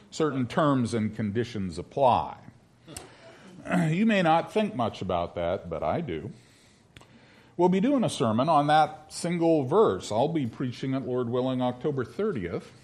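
A male pastor preaching a sermon, wry and conversational, slowing down to stress scripture phrases. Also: mid-range voice. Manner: lively, wry preaching with slow, emphatic scripture reading.

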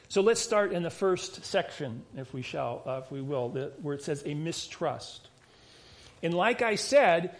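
A pastor with a noticeably high voice, preaching a sermon. He talks through the passage in a loose, conversational way, stopping and restarting phrases and dropping in casual asides. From United States.

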